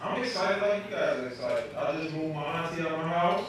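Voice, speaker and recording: Stand-up comic in an echoey club. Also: male voice, a little high, expressive, brisk. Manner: loose storytelling, acting out family members. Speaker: stand-up comedian. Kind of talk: stand-up comedy set. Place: comedy club. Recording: echoey club from far off, noisy.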